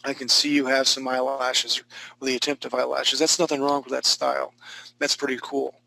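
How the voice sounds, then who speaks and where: A male art instructor talks through student sketches in a relaxed, encouraging way. His voice is gravelly and bright, and his pitch stays flat and level as he restarts his sentences. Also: normal speed, no room sound, rough recording. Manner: casual, encouraging, joking, with frequent restarts. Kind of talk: live online class critique.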